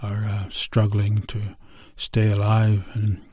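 Middle-aged male storyteller, low and mellow, dry close sound, loose conversational telling. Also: monotone, breathy edge, no echo. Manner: unhurried, conversational, with many fillers and restarts. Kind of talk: oral storytelling of a traditional tale.

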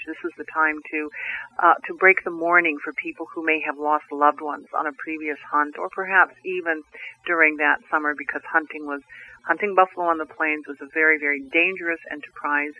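Man telling a legend over a tinny line. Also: a little high. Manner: measured, repetitive, rhythmic telling. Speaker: storyteller. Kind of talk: oral storytelling of a tribal legend.

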